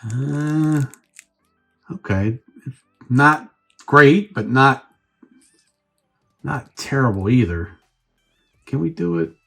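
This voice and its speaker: A man with a husky voice of middle pitch talks through a toy review in a loose, unscripted way. He rambles and thinks aloud while fiddling with the figure, with faint music playing behind him. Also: extremely slow, long pauses, fairly bright tone.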